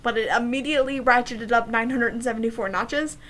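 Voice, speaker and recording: A woman's voice: fairly high pitch, steady tone, a little fast, fairly bright tone, a little hiss or hum, rough recording. A young woman casually co-hosting a podcast, telling stories with sarcasm, frequent swearing and laughter. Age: young adult. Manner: chatty, sarcastic, swears freely, laughs often. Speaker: podcast co-host. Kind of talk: casual chat and true crime storytelling.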